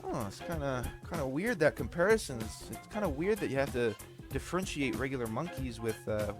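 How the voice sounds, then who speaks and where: A man's voice: mid-range voice, animated, fairly quick, over music. A man commenting over gameplay footage, ranting bluntly, swearing freely and explaining himself at length. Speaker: gaming video creator.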